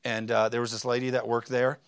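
A man's voice: medium pitch, level tone, a little fast, clean tone, no echo, clean studio sound. A man in his thirties preaching a sermon, telling a personal story with plenty of fillers and self-deprecating asides. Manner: rambling, self-deprecating, frequent fillers and restarts. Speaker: pastor.

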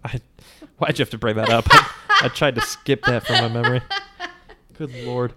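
A man in casual podcast chat, recapping a movie with lots of swearing and quick quoted voices. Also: mid-range voice, heavy background noise. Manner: profane, animated storytelling with quick quoted voices.

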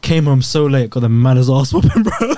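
A man's voice: medium pitch, very animated, brisk, mellow, dry recording. A young man in a casual podcast chat, eagerly telling stories and using plenty of slang. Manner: eager storyteller, uses slang.

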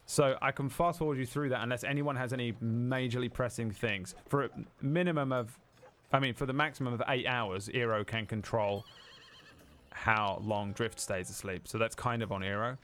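A man's voice: mid-range voice, steady tone, normal speed, fairly bright tone, a little hiss or hum. A man running a tabletop game on a stream, talking casually and rambling through rules and scene narration. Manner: casual, rambling, laughs often. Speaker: game master.

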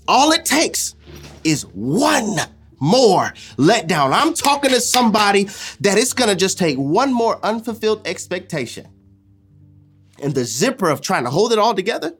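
A man preaching a sermon as pastor, repeating lines and swinging from loud declarations to hushed asides. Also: high-pitched, big pitch swings, moderate pace, breathy edge, faint music behind.

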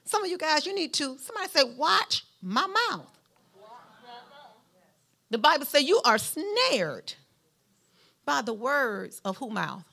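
A woman's voice: moderate pace, gravelly. A woman with a Southern Alabama drawl preaching a sermon, folksy and emphatic, talking straight to her congregation. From Mount Vernon, Alabama, US. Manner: animated preaching with a lively pitch, rising to emphatic peaks; folksy, speaks directly to the congregation.

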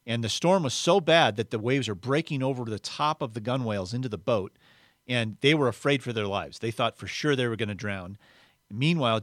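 A man's voice: medium pitch, a bit bright, no echo, clean studio sound. A man preaching a sermon in an earnest, conversational way, retelling scripture in plain everyday words. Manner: earnest, conversational, acts out the quoted voices.

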